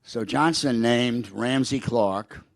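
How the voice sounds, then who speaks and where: A man's voice: medium pitch, slow pace, gravelly, dry recording. An older man telling anecdotes as a guest in a public conversation, with frequent restarts and quoted remarks. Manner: rambling anecdotes with restarts, quoting a president.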